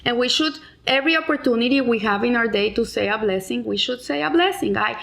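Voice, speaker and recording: A woman's voice: on the high side, expressive, fast talker, gravelly, a bit bright. A middle-aged woman explaining a weekly Torah lesson in an earnest way, with frequent restarts and Hebrew terms. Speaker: Torah teacher.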